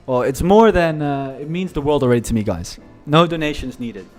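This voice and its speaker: A man's voice: fairly high pitch, expressive, fairly quick, a little mellow, soft background music. A man hosting a live trading stream, chatting casually and addressing viewers as guys.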